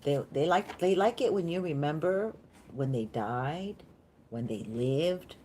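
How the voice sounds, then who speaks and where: Slow, low-voiced woman reading tarot. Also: lively intonation, warm tone, a little hiss or hum. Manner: chatty, meandering, easily delighted. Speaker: tarot reader.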